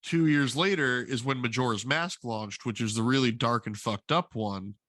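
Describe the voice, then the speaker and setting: A man's voice: medium pitch, moderate pace, fairly bright tone, dry recording. Man sharing game trivia, dry sound. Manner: knowledgeable, explains game history with trivia. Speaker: podcast co-host. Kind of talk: casual gaming chat.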